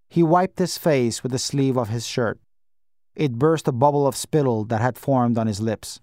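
A man reading an audiobook in a measured, gentle first-person style. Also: mid-range voice, dry recording, studio quality. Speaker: audiobook narrator.

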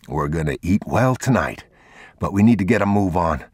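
A man's voice: low voice, lively intonation, moderate pace, a little mellow, breathy edge, dry recording, studio quality. A man reading aloud and voicing a tired, protective father who answers in short, clipped, reassuring lines. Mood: terse. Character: weary protective father, terse and steady.

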